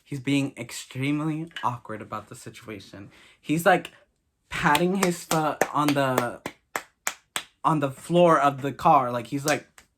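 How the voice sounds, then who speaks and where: A man's voice: medium pitch, unhurried, fairly bright tone, slight background noise. A young man vlogger telling a story casually, blunt and crude, swearing often.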